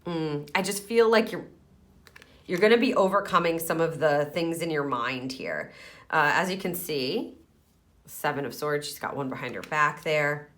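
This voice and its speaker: A woman's voice: low voice, moderate pace, a bit bright. A woman giving an encouraging pick-a-card tarot reading, chatting loosely and thinking aloud with fillers.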